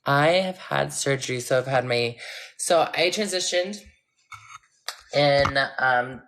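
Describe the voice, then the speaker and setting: Woman with a really deep voice rambling on a phone livestream, lots of laughing, echoey room. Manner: candid, rambling, laughs often. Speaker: livestreamer answering viewer comments. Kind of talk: casual livestream chat.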